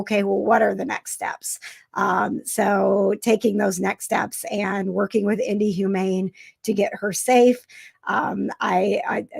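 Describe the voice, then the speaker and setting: A woman hosting a casual live stream, speaking in a halting, emotional way with many fillers and restarts. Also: mid-range voice, vocal fry, no echo. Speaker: vlogger host.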